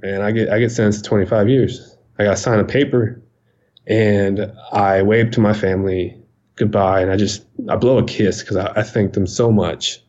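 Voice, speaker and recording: A man in his forties recounting his own story in an interview, halting and repeating words, often pausing. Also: on the low side, a little mellow, muffled recording. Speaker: interview guest. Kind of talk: emotional personal account.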